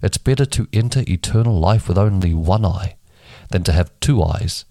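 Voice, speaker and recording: A man's voice: sits low, expressive, normal speed, gravelly, warm tone, no echo. A man reading scripture aloud for a daily Bible podcast, giving each speaker a different voice for dialogue. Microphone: home microphone that keeps dropping.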